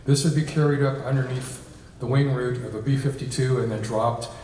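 A guest speaker gives an informal, conversational lecture in a reception hall, filling it with ums and uhs. His medium-pitched, darkish voice has fairly even intonation and moves a little fast. The echoey hall is recorded from a distant mic, with slight background noise.

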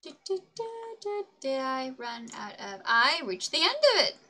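High-pitched with big swings in pitch, a woman streamer talks at a moderate pace in a bright, forceful tone. She chats casually while gaming, bubbly and poking fun at herself with giggly asides, humming little sing-song nonsense sounds to herself.

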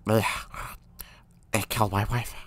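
A man doing a slow, brooding voice of a vengeful grieving widower, spoken in a low register. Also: flat delivery, close to an everyday voice.

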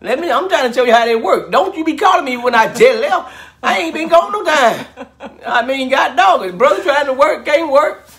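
A man bantering with his wife as co-host, animated and joking. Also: extremely high pitch, normal speed. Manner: animated, joking, Southern US vernacular. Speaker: co-host, husband. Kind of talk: casual banter.

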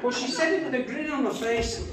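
A man's voice: very high-pitched, fairly quick, crowd noise. A middle-aged man, preaching a sermon in a chatty storytelling way and acting out the quotes he tells. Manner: chatty anecdotes with acted-out quotes. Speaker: pastor. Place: church hall. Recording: echoey church hall from far off.

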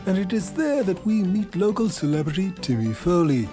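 A man voicing a prim, earnest documentary presenter who asks measured questions. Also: high-pitched, sing-song, warm tone, faint music behind.

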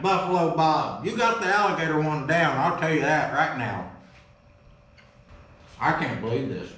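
A man hosting a casual vlog, folksy and excitable, swearing casually as he opens fan mail in his workshop. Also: fairly high pitch, measured pace, long pauses. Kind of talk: casual chat. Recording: roomy echo.

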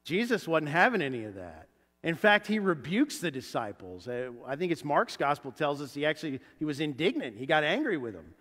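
Man, pastor, sermon, fairly high voice, church hall reverb. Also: a little fast. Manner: animated, acts out quoted voices loudly. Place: church sanctuary.

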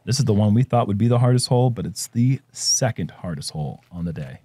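A man doing casual sports commentary, easygoing and quick to laugh as he banters with his co-host. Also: on the low side, lively intonation, dark tone, breathy edge, no room sound. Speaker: disc golf commentator.

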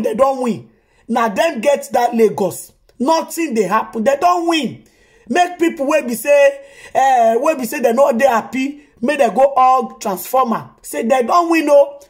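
A woman with a Nigerian Pidgin accent gives casual commentary on her own vlog. Her voice is high, and she talks in an exclamatory way, rounding off her lines with emphatic tags. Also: expressive, moderate pace. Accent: Nigerian Pidgin English. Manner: exclamatory, ends phrases with "o". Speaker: vlog host reacting to news.

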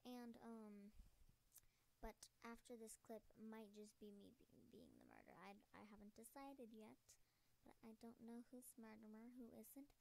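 A young woman giving casual commentary on her game as a gaming channel host, bubbly and chatty, dropping into whispers and bursting into sudden shouts. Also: on the high side, sing-song, normal speed, gravelly, slight background noise.

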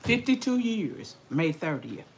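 Lively folksy older woman. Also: fairly low pitch, unhurried, a little hiss or hum. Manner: folksy, chatty, talks with mouth full. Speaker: vlogger. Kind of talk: casual livestream chat while eating.

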